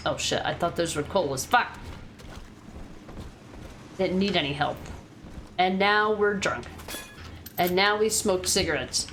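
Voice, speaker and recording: A woman's voice: lowish voice, measured pace, pauses often, background noise. A woman streaming a game, chatting casually, swearing freely and answering her chat. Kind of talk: casual gameplay commentary.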